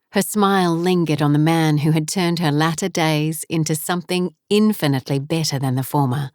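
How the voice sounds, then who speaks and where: A woman narrating an audiobook in an unhurried, measured reading. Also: on the low side, a little mellow, no room sound, clean studio sound. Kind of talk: scripted narration.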